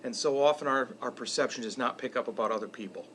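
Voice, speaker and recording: A man's voice: medium pitch, quick pace, a bit bright, slight background noise. A middle-aged man giving a reflective weekly video message as an educator, speaking earnestly and conversationally. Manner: earnest, conversational, retells stories with quoted dialogue. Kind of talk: reflective monologue to camera.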